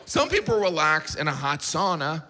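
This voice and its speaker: A middle-aged man doing stand-up comedy on stage, with a deadpan delivery and mock-incredulous asides. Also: a little high, moderate pace. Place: large theater stage with a laughing audience. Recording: live hall reverb, loud audience noise.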